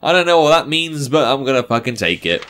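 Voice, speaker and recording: A man's voice: medium pitch, big pitch swings, a little fast, very noisy. A young man giving casual, sarcastic let's-play commentary, swearing and talking back to the game. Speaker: gaming commentator.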